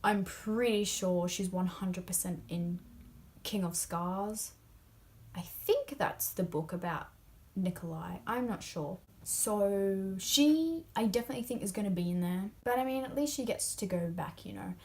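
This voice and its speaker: A young book vlogger casually talks through spoilers of a beloved novel at a measured pace. Her medium-pitched voice is a little mellow, and she gushes with many fillers, often sinking to a whisper.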